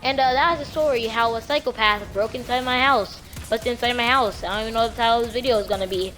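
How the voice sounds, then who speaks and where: A woman casually telling a true story on her vlog in a rambling, slangy, animated way. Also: a little high, fast talker, a little hiss or hum.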